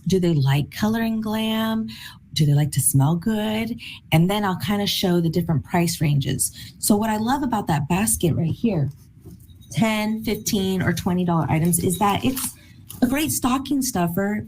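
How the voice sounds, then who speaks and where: A woman teaching a sales training session in a lively, enthusiastic, bubbly way, often with a laugh. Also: on the low side, slight background noise.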